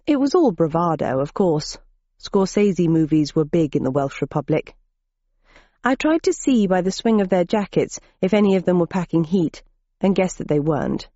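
A woman's voice: fairly low pitch, animated, moderate pace, mellow, dry recording. A woman narrating an audiobook in first person, with dry, wry storytelling on a dull lo-fi recording.

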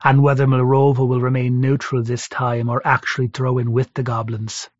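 A man reads a gruff, seasoned prisoner who talks bluntly and jokes grimly. His voice sits at a middling pitch in a dry, dull-sounding recording, close and plain. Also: completely flat delivery, moderate pace, no echo, close to an everyday voice. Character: gruff seasoned male sailor-prisoner, talkative and wry.

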